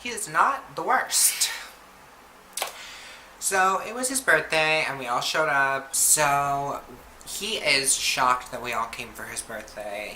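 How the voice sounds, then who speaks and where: Bright-voiced young woman telling a story. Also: very deep voice, animated, takes it slowly. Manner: chatty, heavy on "like" and swearing. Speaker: vlogger. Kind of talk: casual storytime vlog. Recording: roomy echo, faint background noise.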